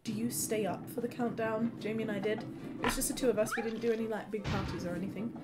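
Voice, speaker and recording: A woman's voice: a little high, steady tone, quick pace. A young woman chatting bubbly and casual with viewers during a live gaming stream at home, greeting them by name. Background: game music.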